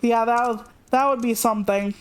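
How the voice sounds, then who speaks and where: A young adult woman streamer casually telling a personal story, chatty and animated, raising her voice to act out what others said. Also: normal speed, smooth. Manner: chatty, animated, acts out quotes with raised pitch.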